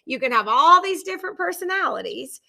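Loud, high, bright-voiced woman host. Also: a little fast, vocal fry. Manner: loud, animated, laughs often. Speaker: podcast host. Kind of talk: casual podcast chat.

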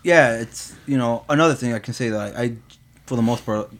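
A man's voice: medium pitch, brisk. A man talking casually about his workplace, rambling with lots of fillers. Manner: rambling, heavy on fillers and "you know". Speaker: employee. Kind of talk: casual chat.

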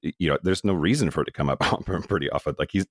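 An older man co-hosting a podcast, talking earnestly with many restarts, tired and a little rough from a cough. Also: deep voice, no room sound, studio quality. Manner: earnest, halting with repeated restarts. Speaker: podcast co-host. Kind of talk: casual podcast chat.

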